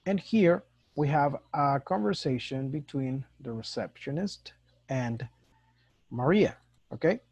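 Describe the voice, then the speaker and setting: Slow-talking male teacher. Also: mid-range voice, lively intonation, a little mellow, no room sound. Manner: slow, mixes Spanish and English explanations. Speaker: English teacher. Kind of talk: recorded online lesson. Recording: dull dry lo-fi recording.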